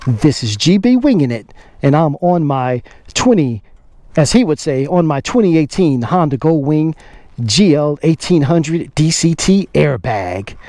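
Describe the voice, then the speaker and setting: A man doing an impression of another motorcycle vlogger's upbeat intro, talking slow and drawn out. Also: a little high, animated, dark tone, no echo, studio quality. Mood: playful. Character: fellow motorcycle vlogger, male, upbeat greeter.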